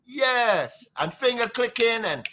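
A man with a Trinidadian accent, a guest drummer telling stories in an interview, lively and sing-song, imitating drum sounds. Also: extremely high pitch, slow, background noise. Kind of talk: animated storytelling interview.

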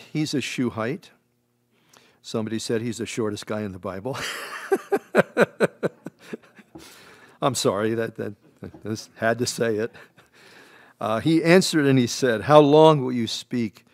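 Conversational pastor preaching with halting restarts. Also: male voice, medium pitch, vocal fry. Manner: conversational, halting, with many restarts and acted-out quotes. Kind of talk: expository sermon. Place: church sanctuary.

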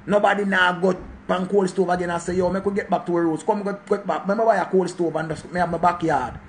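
A Jamaican channel host in his forties delivers a casual monologue rant in a voice that sits high for a man. Fast and fairly even in intonation, he preaches emphatically and repeats each point to drive it home. There's a slight hiss or hum in the audio.

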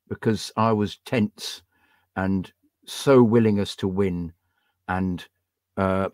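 A man's voice: on the low side, no room sound, studio quality. An older man co-hosting a football podcast in casual chat, talking animatedly and acting out his own frustration. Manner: animated, acts out his own angry outbursts. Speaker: podcast co-host.

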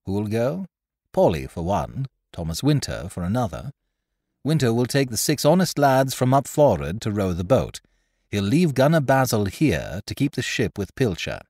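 A man voicing a bold, grinning pirate captain who talks in rough, hearty old sailor speech. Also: on the low side, a little mellow, no echo, studio quality, full character voice.

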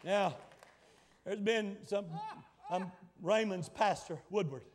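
A man in his sixties preaching a sermon as pastor, building his lines into dramatic shouted repetitions. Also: high voice, takes it slowly, some chatter behind, a little hiss or hum. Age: 60s. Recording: long hall reverb.

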